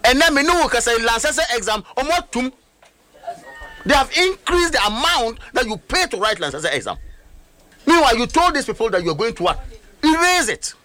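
A man's voice: very high-pitched, sing-song, fairly quick, pushed and bright. A man with a Ghanaian accent, speaking as a political guest on a talk show with emphatic, scornful commentary and rhetorical questions.

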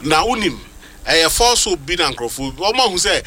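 A man's voice: a little high, sing-song, normal speed, pushed and bright. A man chatting animatedly in a casual group talk about football. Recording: noisy crowd in background.

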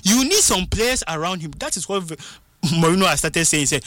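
A man giving animated football punditry, switching into local phrases and acting out what fans and coaches say. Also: high-pitched, brisk, dry recording, clean studio sound. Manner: excitable, mixes English with local phrases, acts out quotes. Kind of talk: animated sports talk.

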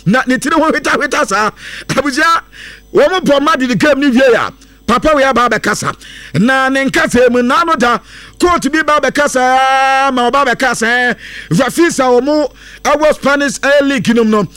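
A man presenting football news in a lively, casual way, lilting into a sing-song now and then. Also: extremely high pitch, normal speed, no echo. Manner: lively, mixes English into Akan, sing-song lilts and bursts of laughter.

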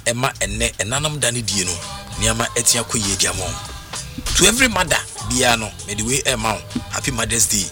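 A man with a Ghanaian accent hosting a radio talk show, telling stories in a lively, sing-song way and mixing Twi with English. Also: medium pitch, a little fast. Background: music bed.

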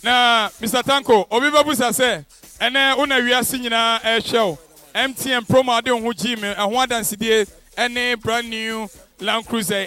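Bright high-voiced MC. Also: male voice, steady tone, normal speed, faint music behind. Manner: upbeat, hyping, switching into English. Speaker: event MC. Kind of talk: energetic promo event hosting.

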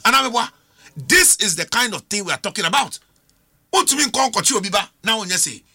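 Arguing forcefully on a political talk show panel, this middle-aged Ghanaian man has a high-pitched, expressive voice that's bright, forceful, and a little fast. He's emphatic, full of rhetorical questions, and switches between languages.

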